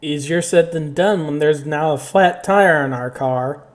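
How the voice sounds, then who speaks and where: A man role-playing his character, talking back defiantly. His voice sits somewhat high. The tone is mouthy and blunt. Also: a little slow. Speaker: tabletop game player.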